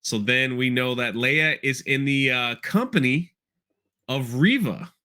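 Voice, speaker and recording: Bright-voiced man rambling through a recap. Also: mid-range voice, lively intonation, a little slow. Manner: rambling recap with playful impressions of characters. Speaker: podcast host. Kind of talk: casual chat.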